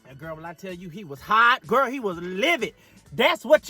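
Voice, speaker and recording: Animated man telling a story. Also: high voice, normal speed, no room sound, faint music behind. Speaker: movie reviewer. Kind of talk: casual video review.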